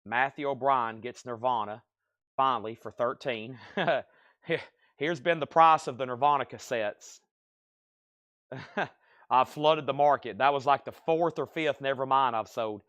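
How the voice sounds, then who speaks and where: A man running a live-stream record sale, calling prices and bidders in brisk bursts with chatty asides. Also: medium pitch, fairly bright tone, no echo. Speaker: live auction seller.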